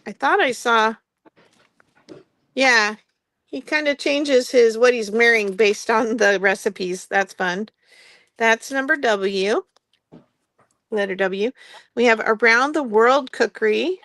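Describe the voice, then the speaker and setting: A woman's voice: on the high side, slow pace, long pauses, fairly bright tone, dry recording. A woman hosting a live craft-supply sale in a shop, chatty and often laughing, trailing off and restarting as she goes. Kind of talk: casual live sale chat. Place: indoor shop with construction noise nearby.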